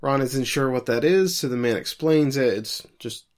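A man at an ordinary middle pitch, talking casually as he recaps an episode for a podcast. He sounds sardonic and breaks the summary with joking asides. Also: normal speed. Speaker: podcast co-host recapping an anime. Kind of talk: casual chat.

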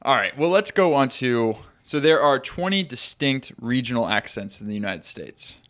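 A man's voice: mid-range voice, very animated, moderate pace, fairly bright tone, no echo. A man hosting a casual podcast chat, talking hesitantly with many restarts. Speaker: podcast host.

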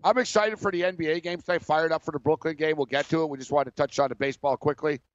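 A man's voice: fairly high pitch, steady tone, rapid-fire, no room sound, highs cut off. A man co-hosting a sports betting talk show, easygoing and teasing, a little unwell with a cough.

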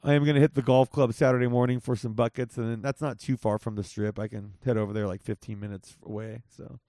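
A man's voice: mid-range voice, steady tone, fast, dark tone, no echo, clean studio sound. Profane joking man in his forties. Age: 40s. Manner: loose, profane, joking banter. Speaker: podcast host. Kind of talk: casual chat. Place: Las Vegas.

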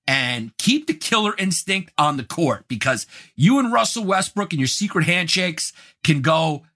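An American man hosting a sports talk show, ranting in a brash, mock-outraged way, dropping to low mutters and then building to loud, emphatic outbursts. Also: expressive, normal speed. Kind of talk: opinionated sports rant.

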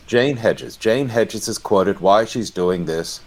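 A middle-aged man giving sardonic, animated commentary in a discussion, often restarting his sentences. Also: on the low side, slow pace, few pauses. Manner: animated, sardonic, self-correcting. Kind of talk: opinionated discussion.

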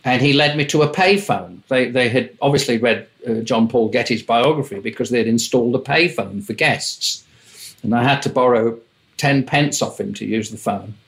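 An older man spins wry, lively tales from his years in the music business. He slips into other people's voices as he quotes them, with the easy pacing of an interview guest. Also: medium pitch, normal speed. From England. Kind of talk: anecdotal interview storytelling.

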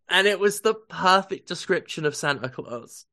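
Gravelly man in deadpan mock therapy. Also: high voice, measured pace, no echo, clean studio sound. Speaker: comedy podcast co-host. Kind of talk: improvised comedy chat.

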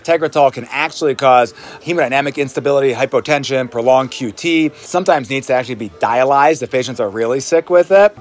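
Man casually recounting an ER case. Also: mid-range voice. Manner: relaxed, conversational with hedging fillers. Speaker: emergency physician.

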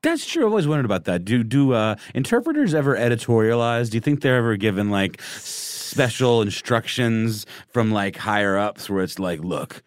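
A man's voice: mid-range voice, animated, normal speed, few pauses, no room sound, clean studio sound. A man co-hosting a podcast, telling history stories in a casual, jokey way and laughing along. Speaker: podcast co-host.

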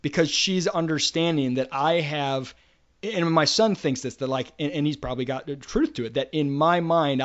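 Storytelling man on a lo-fi podcast. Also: mid-range voice. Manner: anecdotal, storytelling, hesitant restarts. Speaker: podcast co-host. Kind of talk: casual podcast discussion. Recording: dull lo-fi podcast audio.

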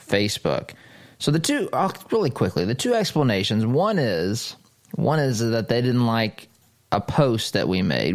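A man hosting a talk radio show, talking casually and rambling with frequent restarts. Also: mid-range voice. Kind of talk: host-read ad.

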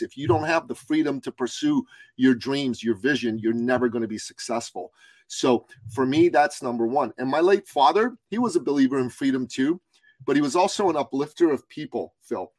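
A man's voice: mid-range voice, no echo, poor audio. A middle-aged man from Iran, a guest on a podcast who tells his story with passion and emphasis. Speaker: guest, business coach. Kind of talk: podcast interview.

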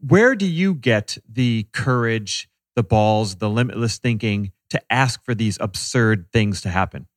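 A male podcast host asks his guest questions in an encouraging, affirming way. His voice sits on the low side. The recording is close and dry, with no room sound. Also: lively intonation, unhurried, no room sound. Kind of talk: interview questions.

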